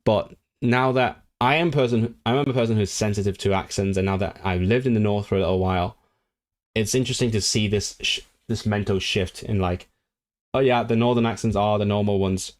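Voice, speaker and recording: A man's voice: fairly low pitch, fairly quick. A man casually talking to his live-stream viewers, rambling with frequent restarts and fillers. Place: living in the North of England.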